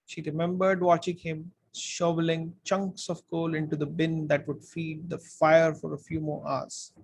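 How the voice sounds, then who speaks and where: A man reading a storybook aloud in an expressive way, now and then speaking to his listeners. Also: on the high side, unhurried, creaky, breathy edge. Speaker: book reader. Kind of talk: audiobook-style story reading.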